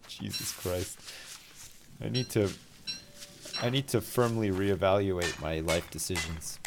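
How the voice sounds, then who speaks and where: A man's voice: fairly low pitch, animated, normal speed, noisy background. A man streaming a survival game live, chatting to his viewers in a joking, self-mocking way and swearing freely. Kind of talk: live gameplay chat.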